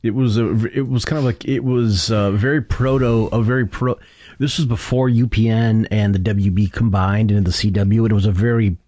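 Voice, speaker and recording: Halting low-voiced man hosting, dry close mic. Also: fairly even intonation, warm tone, dry recording. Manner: halting, restarts often. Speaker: podcast host. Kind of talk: casual podcast chat.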